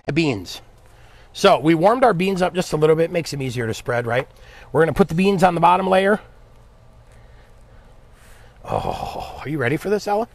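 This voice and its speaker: A man's voice: on the high side, expressive, moderate pace, vocal fry, pauses often, dry recording. A man hosting a live cooking demo, chatting upbeat with viewers and his helper as he cooks. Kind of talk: live cooking stream, casual chat.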